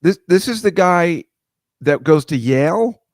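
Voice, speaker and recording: A man's voice: a little high, expressive, unhurried, no room sound, clean studio sound. A man co-hosting a podcast who banters with wry, teasing remarks in casual chat. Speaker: podcast co-host.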